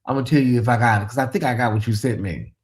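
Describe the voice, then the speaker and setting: A man's voice: medium pitch, rapid-fire. Chatty man hosting a casual livestream. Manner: chatty, drawling, reads viewer comments aloud; talks to the audience as "y'all". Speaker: livestream host. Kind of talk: casual late-night livestream chat.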